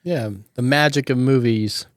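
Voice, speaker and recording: A man's voice: mid-range voice, measured pace, dry recording, clean studio sound. A man hosting a podcast, telling stories casually and acting out the people in them, with some swearing. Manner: animated, acts out quotes, casual swearing. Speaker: podcast host. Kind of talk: casual storytelling chat.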